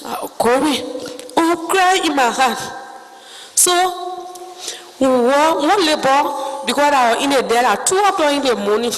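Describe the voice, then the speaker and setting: Woman, Liberian English accent, halting broken phrases, spoken testimony, reverberant space. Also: high-pitched, expressive. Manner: halting, broken phrases, acts out others' words. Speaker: survivor giving testimony.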